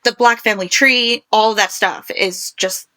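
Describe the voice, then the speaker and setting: A woman joins a podcast as a guest and chats with enthusiasm. Her voice is bright and forward, and she laughs often and acts out little quotes. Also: mid-range voice, steady tone, normal speed. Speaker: podcast guest, graphic designer. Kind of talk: casual chat.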